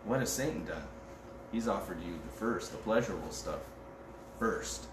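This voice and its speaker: A man's voice: deep voice, lively intonation, normal speed. A man preaching a conversational sermon as pastor, joking casually and reading scripture aloud. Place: church. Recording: roomy and distant with background noise.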